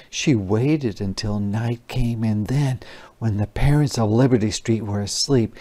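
A teacher reads a picture book to young children, explaining words and asking questions along the way. The delivery is unhurried and expressive. The voice carries a gravelly fry. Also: medium pitch. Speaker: kindergarten teacher. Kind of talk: interactive children's read-aloud.

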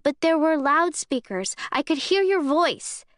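A woman's voice: high voice, expressive, unhurried, dry recording, studio quality, voice pushed up. A woman voicing a defiant young heroine in an audiobook reading, her voice raised and shaking with anger. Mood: agitated.

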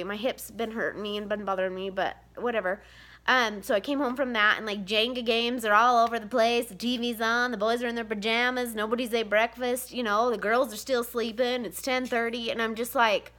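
A woman in her thirties, a vlogger and mother of seven, speaks candidly to camera about mom guilt in a casual confessional vlog. She rambles with many fillers, her voice a little high and a bit bright.

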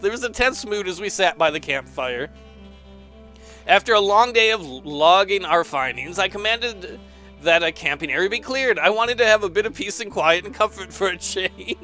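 A man's voice: high-pitched, lively intonation, normal speed, sharp tone, soft background music. A man casually commenting on a game as he plays, exclaiming often, laughing and reading the game's text aloud. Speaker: let's player.

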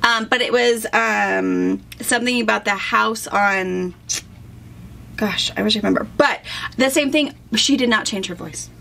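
A woman co-hosting a casual chat, animated and quick with her replies. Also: fairly high pitch, vocal fry. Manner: animated, quick backchannel responses.

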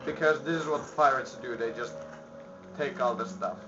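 A man commentating a game he plays, panicking and yelling at enemies, then muttering to himself. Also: medium pitch, normal speed. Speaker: let's play gamer. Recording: dull lo-fi with faint music.

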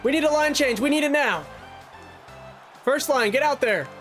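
A young man with a strikingly high voice calls his own video game hockey match like a sportscaster, rattling off plays and yelping at near misses. Light background music runs under his voice. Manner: animated, fast play-by-play with yelps and laughs. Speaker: gaming YouTuber doing play-by-play. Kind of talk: excited self-commentary over a hockey video game.

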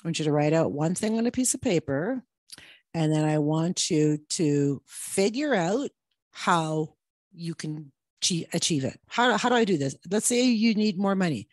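A woman's voice: lowish voice, lively intonation, normal speed, dry recording, studio quality. A woman in her fifties, a midlife mindset coach giving a blunt, profane tough-love pep talk to camera. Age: 50s.

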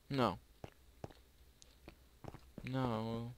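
A young man with a fairly low voice narrates his own gameplay in a rambling, chatty way, talking straight to his viewers. He bursts into excited yelps and pleading cries at close calls. Faint clicks sit under the recording. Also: moderate pace, a little hiss or hum. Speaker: gaming YouTuber. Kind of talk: live gameplay commentary.

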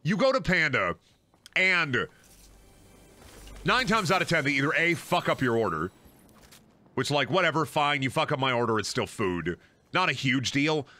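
Animated ranting man streaming a game. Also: fairly high pitch, normal speed, pauses often. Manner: animated, ranting, swears a lot. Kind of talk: casual gaming stream chat.

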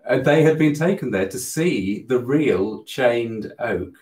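A man telling a spiritual story in a live Q&A, earnest and animated, often restarting his sentences. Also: medium pitch, takes it slowly. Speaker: host of a spiritual channel. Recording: roomy echo.

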